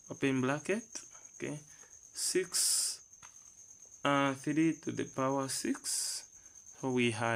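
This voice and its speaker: A man's voice: mid-range voice, vocal fry, low-quality recording. A man teaching a math lesson step by step, reading numbers aloud and asking the class rhetorical questions.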